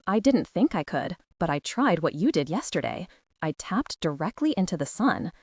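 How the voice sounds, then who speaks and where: A woman reading an audiobook, voicing a steady young man who talks calmly and reassuringly. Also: high voice, normal speed, breathy edge, no echo, studio quality, heavily acted.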